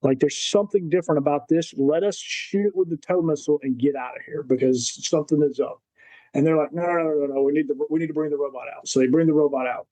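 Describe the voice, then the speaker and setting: A man with a fairly high but mellow, warm voice tells war stories on a podcast. He slips into the voices of the people in his stories as he goes. The sound is dry and close. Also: fast talker, dry recording, poor audio. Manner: animated storyteller who acts out quotes. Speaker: podcast guest, Marine veteran. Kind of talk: casual storytelling.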